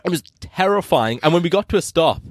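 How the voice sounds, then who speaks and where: A man co-hosting a comedy podcast, teasing and telling his own stories in a wry, dry way. His voice is a touch high and very lively in pitch. The recording is close and dry. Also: fairly quick, no echo. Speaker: podcast co-host. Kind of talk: casual comedy chat.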